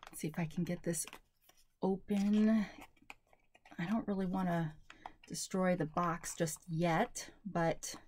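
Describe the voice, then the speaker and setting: A woman's voice: lowish voice, fairly even intonation, takes it slowly, long pauses, darkish tone. A woman vlogger chatting casually through a product haul, rambling and thinking aloud with lots of fillers. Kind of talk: casual product review chat.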